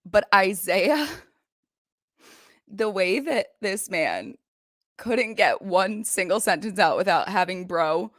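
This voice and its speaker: A young woman hosting a casual recap show, retelling scenes in a gossipy, animated way. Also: mid-range voice, slow pace, pauses often, dry recording, studio quality. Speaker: recap podcast host. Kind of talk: casual chat. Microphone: desk microphone.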